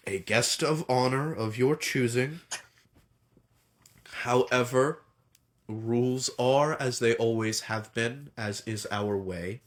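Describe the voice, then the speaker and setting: A man voicing a stern aristocratic father who lays down the house rules in measured, formal speech. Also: mid-range voice, a bit bright. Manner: measured, ceremonious.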